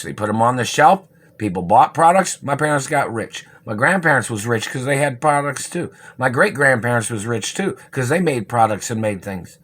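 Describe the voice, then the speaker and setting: A man's voice: mid-range voice, pushed and bright. A man in an agitated monologue, accusing and repeating himself. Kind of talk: monologue to camera.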